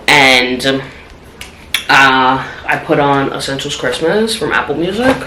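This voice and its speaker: A woman's voice: rumbling low, expressive, measured pace, slight background noise. Candid woman vlogging in an echoey kitchen. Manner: candid, drops to a soft trailing voice on sad parts. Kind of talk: personal storytelling vlog. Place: home apartment. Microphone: phone camera. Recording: echoey room with clattering dishes.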